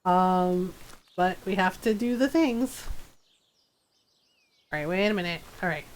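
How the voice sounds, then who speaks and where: A woman's voice: on the low side, measured pace, slight background noise. A woman streaming a farming game, chatting casually and playfully with frequent giggles. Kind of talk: casual gameplay commentary.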